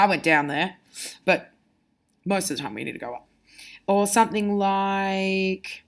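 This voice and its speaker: A woman of medium pitch leads a reading lesson at a moderate pace, pausing often. She is patient with her pupils and demonstrates with her own voice, talking conversationally and now and then restarting to find an example.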